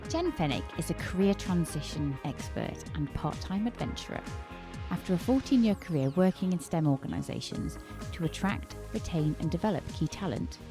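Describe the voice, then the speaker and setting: A woman reads a guest introduction for a podcast in a lowish, steady voice. Music runs clearly beneath her words. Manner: even, reading. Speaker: podcast co-host. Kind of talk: scripted introduction.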